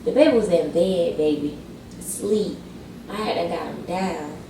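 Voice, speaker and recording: A woman's voice: lowish voice, moderate pace, warm tone, echoey room, distant mic, slight background noise, rough recording. A woman vlogger telling a casual storytime, chatty and slangy, talking straight to her viewers.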